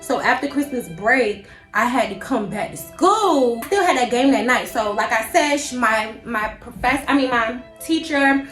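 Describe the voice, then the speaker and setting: Young woman with a high voice telling a storytime, slangy and dramatic, echoey room. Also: normal speed, hardly any pauses, soft background music. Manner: animated, slangy, dramatic inner monologue. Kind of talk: storytime vlog, casual retelling.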